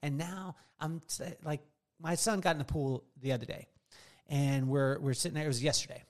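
A man's voice: a little high, fairly even intonation, moderate pace. A middle-aged man hosting a podcast in casual chat, telling jokey stories and laughing often. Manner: joking storyteller, laughs often. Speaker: podcast host.

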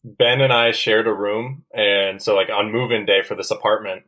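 Young guy cohosting a podcast, lowish voice, teasing storyteller vibe. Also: steady tone, normal speed, sharp tone, low-quality recording. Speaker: podcast co-host. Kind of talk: casual podcast chat.

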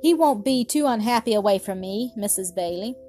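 A woman voicing a kindly, formal wealthy gentleman in his sixties, speaking with courteous old-fashioned politeness. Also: mid-range voice, animated, fairly quick, soft background music, close to an everyday voice. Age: 60s.

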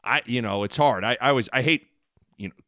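A man of ordinary pitch co-hosting a casual sports podcast, who circles around his points with plenty of restarts. His voice is dry and close to the mic, with no echo at all. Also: fast, sharp tone. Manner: rambling, many restarts, earnest.

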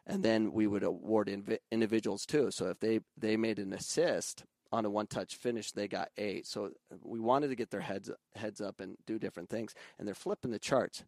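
A man with a fairly low, gravelly voice talks about youth soccer in a loose, conversational way. He often jumps up in pitch to mimic other coaches and shouting parents. The sound is close and dry, with no room around it. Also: fairly even intonation, fairly quick, hardly any pauses, no echo. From Arizona. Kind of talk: casual podcast conversation.

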